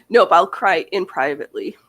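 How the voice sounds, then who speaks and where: A woman's voice: fairly low pitch, fairly bright tone, husky. A woman hosting a casual chat, laughing often and slipping into playful mock voices. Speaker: host. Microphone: on-camera mic.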